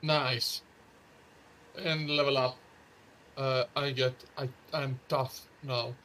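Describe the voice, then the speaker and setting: A man chatting casually while playing a co-op game, excitable and often repeating words. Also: medium pitch, slow pace. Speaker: gamer playing co-op.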